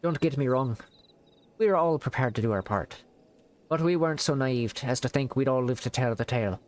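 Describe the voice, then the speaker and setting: A man voicing a hearty, gruff male naval commander in a game, with a wavering put-on accent. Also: medium pitch, brisk, natural voice.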